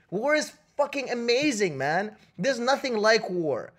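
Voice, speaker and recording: A man co-hosting a comedy podcast where he argues movies with mock outrage. His pitch swings widely as he rants, and he keeps jabbing at the listener with "okay?" and "all right?". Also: sing-song, takes it slowly. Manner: loud, mock-indignant, keeps tagging lines with "okay?". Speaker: podcast co-host.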